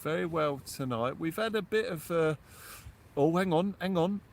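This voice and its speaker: Outdoors on the shore at night, a fishing livestream host excitedly narrates and thanks each supporter in turn. His fairly high voice is creaky and moves at a moderate pace, with a little hiss or hum on the recording.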